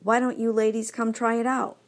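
A woman voicing an excitable young male dog in a storybook reading, bouncy and enthusiastic. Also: fairly high pitch, brisk, voice pushed up, lightly acted. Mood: eager.

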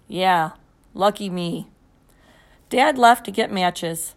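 A woman reading a first-person children's story aloud. Her narration is expressive and steady. She keeps the storytelling clear. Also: on the low side, slow, pauses often. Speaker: audiobook narrator.

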